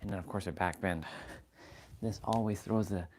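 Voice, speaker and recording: A man's voice: low-pitched, moderate pace, very noisy. A man hosting a live workout stream, counting his exercise reps aloud and chatting with viewers in a friendly way. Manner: friendly, greets viewers as brother. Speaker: fitness livestream host.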